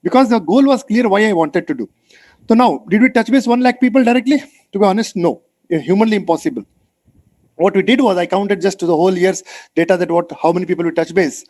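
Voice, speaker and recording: A man with an Indian English accent, leading a motivational online mentoring session, energetic and coaxing, repeating phrases for emphasis. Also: sits high, quick pace. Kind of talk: motivational webinar talk. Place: video call.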